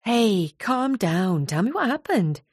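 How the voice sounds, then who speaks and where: A woman voicing a caring female friend who reassures gently in an audiobook. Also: medium pitch, sing-song, slow, breathy edge, no room sound, clean studio sound, pitched above the performer's own voice, heavily acted. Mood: comforting.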